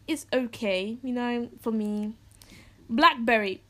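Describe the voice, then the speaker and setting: A woman's voice: fairly high pitch, a little slow. A teenage girl from England, hosting a podcast in casual solo chat, joking and acting out quotes. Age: teens. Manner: animated, jokey, acts out quotes. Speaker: podcast host.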